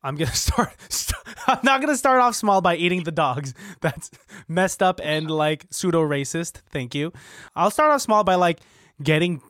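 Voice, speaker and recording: A man's voice: a little high, expressive, moderate pace, fairly bright tone, no room sound, studio quality. A man co-hosting a casual remote podcast chat, teasing and laughing often. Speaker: podcast co-host. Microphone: remote recording.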